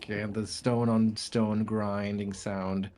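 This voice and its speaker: A man narrating as game master of a tabletop game, describing rooms in a relaxed way with frequent fillers. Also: lowish voice, unhurried, slight background noise.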